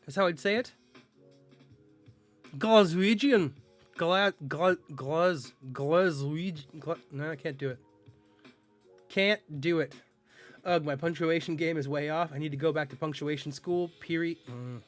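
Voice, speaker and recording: A man's voice: a little high, normal speed, faint music behind. A male streamer in casual live-stream chat, joking with his viewers and tripping over tricky words.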